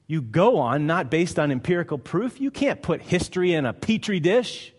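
A man's voice: on the high side, animated, moderate pace, darkish tone, breathy edge. A male pastor delivering a sermon, emphatic and conversational, firing off rhetorical questions. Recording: long hall reverb.

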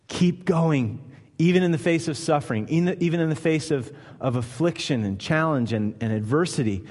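A man's voice: a little high, animated, moderate pace, darkish tone, long reverb tail. A man preaching a sermon in an emphatic style, often asking the listeners rhetorical questions.

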